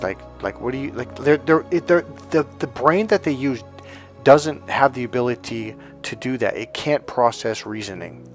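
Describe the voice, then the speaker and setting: A man's voice: medium pitch, normal speed, faint music behind. A man coaching in a casual motivational monologue, rambling with many restarts and repeated words. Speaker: life coach.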